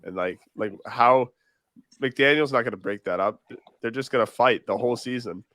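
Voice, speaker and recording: A man's voice: medium pitch, normal speed, a bit bright, no room sound. A man co-hosting a podcast, chatting casually and wryly about sports. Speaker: podcast co-host.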